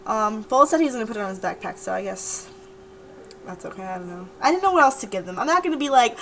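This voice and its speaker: A woman's voice: on the high side, animated, fast talker, a bit bright, a little hiss or hum, low-quality recording. A young woman talking casually to her webcam in a diary-style vlog, rambling and repeating herself. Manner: rambling, chatty, repeats words. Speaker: vlogger.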